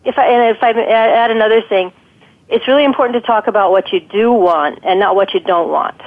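A woman guest expert giving thoughtful, explanatory advice in an interview, pausing often with ums. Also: on the high side. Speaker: guest expert on guided imagery. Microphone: telephone. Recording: tinny phone line.

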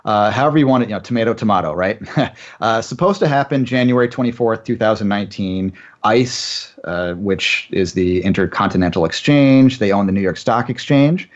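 A man's voice: fairly low pitch, moderate pace, muffled recording. A man as a guest analyst on a finance radio show, talking in a chatty way with many uh fillers and giving confident opinions.

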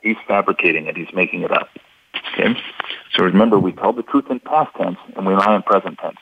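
Low husky man on a phone line. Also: a little fast. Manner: patient and methodical, repeats key points. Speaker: interview guest explaining statement analysis. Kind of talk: instructive radio interview.

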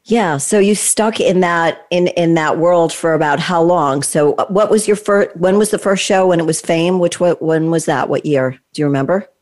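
A woman's voice: on the low side, normal speed, hardly any pauses, a little mellow. A woman in her sixties hosting an interview, talkative and enthusiastic, asking leading questions. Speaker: interview host. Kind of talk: conversational interview.

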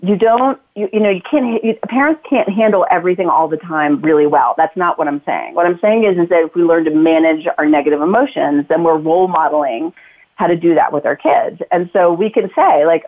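Woman author, interview guest, talkative, lower voice, tinny phone audio. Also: fairly quick. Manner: talkative, acts out quoted lines to her kids. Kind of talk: casual interview talk.

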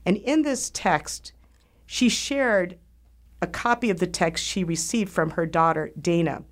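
Earnest woman host, low voice. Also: a little slow. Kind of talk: scripted monologue.

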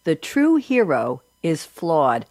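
A woman from New York hosting a lively radio chat, animated and quick to laugh at herself. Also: deep voice, dry recording, clean studio sound. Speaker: host.

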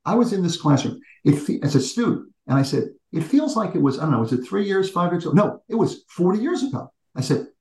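Pria bercerita penuh semangat, suara agak tinggi. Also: male voice, sits high, quick pace, hardly any pauses, reverberant, poor audio. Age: 60s. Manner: animated storyteller with frequent restarts, addresses the host by name. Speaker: guest executive and teacher. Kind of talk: conversational interview storytelling.

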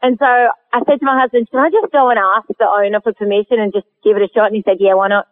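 An Australian woman guest telling a story in a casual, animated way, laughing often, heard over a phone line. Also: medium pitch, quick pace. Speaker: guest hunter.

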